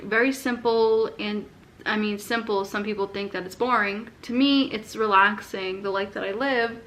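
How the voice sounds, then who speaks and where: Young woman vlogger, softened Boston accent, casual and chatty, faint hiss in the room. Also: medium pitch. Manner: relaxed and chatty, often saying "like". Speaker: lifestyle vlogger. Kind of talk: casual Q&A chat.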